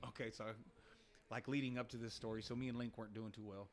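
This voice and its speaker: A man's voice: medium pitch, a crowd in the background. A man telling a wild story on a podcast in a profane, slangy way, acting out what people said and repeating "dog" constantly. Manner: fast and excitable, acts out quotes. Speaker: podcast guest. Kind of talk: animated storytelling.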